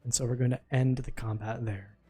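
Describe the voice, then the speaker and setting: A man's voice: mid-range voice, steady tone, warm tone, breathy edge, faint music behind. A man acting as game master, calling for dice rolls and narrating what happens. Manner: brisk, calls for dice rolls and narrates results.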